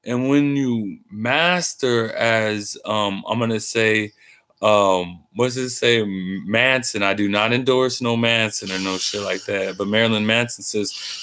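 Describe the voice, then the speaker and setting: A man rambling slowly through a casual monologue, laid-back and unhurried. He curses freely and leans on street slang. He sounds tired. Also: fairly low pitch, a bit bright, clean tone. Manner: profane, meandering, street slang. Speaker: host.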